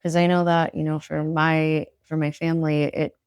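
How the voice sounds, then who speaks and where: A woman's voice: sits low, level tone, moderate pace, darkish tone, clean tone, no echo, clean studio sound. A woman podcast host in conversation, thoughtful and affirming, often agreeing as she listens. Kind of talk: supportive conversational interview.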